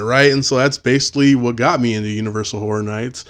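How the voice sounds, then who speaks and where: A man's voice: medium pitch, steady tone, fast, few pauses. A man in his thirties hosting a podcast, telling swear-filled stories in casual chat and acting out quoted voices. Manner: profane, storytelling, acts out voices. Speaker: podcast host.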